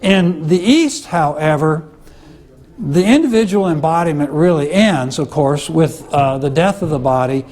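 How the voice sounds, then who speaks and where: A man's voice: fairly high pitch, lively intonation, unhurried, darkish tone. Man lecturing with frequent "okay?" check-ins. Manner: conversational, with many "uh" fillers and restarts. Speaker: teacher. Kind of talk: classroom lecture.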